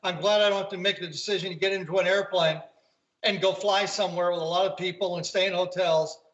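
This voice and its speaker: An older man tells rambling stories from home over a video call, his voice sitting high. The audio is roomy and dull, with an echo of the room around him. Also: fairly even intonation, quick pace, fairly bright tone. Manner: rambling anecdotes, acts out quoted voices. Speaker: guest, golf commentator. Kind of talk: casual storytelling interview.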